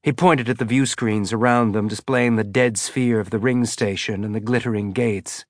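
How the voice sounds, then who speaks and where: A man's voice: lowish voice, dry recording. Man reading an audiobook, dry sound. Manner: steady, measured storytelling with lightly voiced characters. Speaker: audiobook narrator. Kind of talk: scripted narration.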